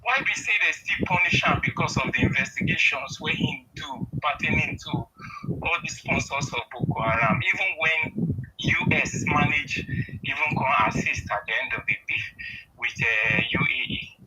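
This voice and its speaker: A man's voice: fairly high pitch, normal speed. A man calling into a live show who speaks passionately in Nigerian Pidgin English, ranting about security problems. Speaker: caller. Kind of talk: heated call-in commentary. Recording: noisy phone-in line.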